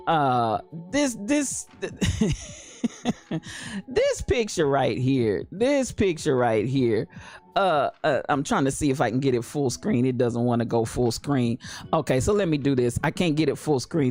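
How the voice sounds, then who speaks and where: Lively woman host, laughing and talking back to her listeners, voice all over the place. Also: extremely low pitch. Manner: animated, laughing, chatty with listeners by name. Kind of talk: lively live-stream chat.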